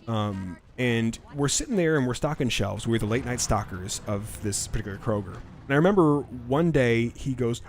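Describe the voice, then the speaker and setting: A man's voice: mid-range voice, fairly quick, few pauses, darkish tone. Rambling gamer man telling stories. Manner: rambling storyteller, laughs often. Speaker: co-host. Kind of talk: casual chat while gaming.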